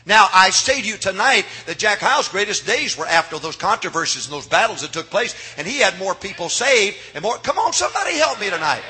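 A middle-aged male pastor in full revival-sermon mode, his voice high-set, piercingly bright and husky. He drops to near murmurs and then builds to shouted, cadenced refrains, calling out to his congregation for responses. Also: expressive, fairly quick, hardly any pauses. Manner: swings from low murmurs to shouted climaxes; calls for audience response.

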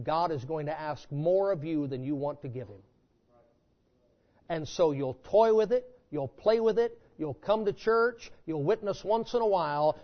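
Preaching fervently to his congregation, a pastor hammers key words and then sinks into a low, intense tone. For a man, his voice is pitched high, and the church recording comes across dull and lo-fi.

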